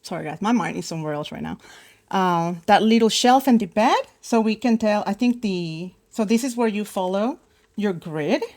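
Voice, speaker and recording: A woman's voice: medium pitch, expressive, normal speed, darkish tone. A young woman teaching an art lesson in a casual, chatty way, thinking aloud as she draws, with many fillers and restarts. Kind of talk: casual live drawing lesson.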